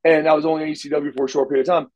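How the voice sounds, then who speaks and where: A man's voice: on the high side, flat delivery, very fast, a little mellow, highs cut off. A middle-aged man, an interview guest, telling stories casually and animatedly, acting out the dialogue with frequent restarts. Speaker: interview guest, former wrestler.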